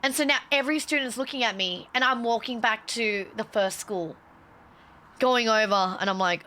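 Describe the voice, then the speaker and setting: A woman's voice: medium pitch, normal speed, pushed and bright, slight background noise. A young woman streamer telling a story casually on a livestream, swearing freely and acting out the quotes.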